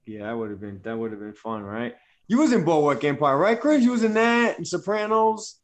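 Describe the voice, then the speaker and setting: A man's voice: fairly high pitch, big pitch swings, a little fast. A man from New Jersey with a New Jersey accent, an actor guest chatting casually and peppering his talk with "man" and "you know.". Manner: easygoing, fills speech with "man" and "you know". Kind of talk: casual chat.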